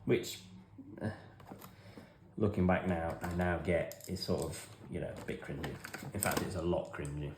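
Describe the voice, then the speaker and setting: Deep-voiced wry English man. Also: normal speed, reverberant, noisy background. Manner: self-deprecating, wry, chatty. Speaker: hobby vlogger. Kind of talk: rambling casual storytelling. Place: home hobby room.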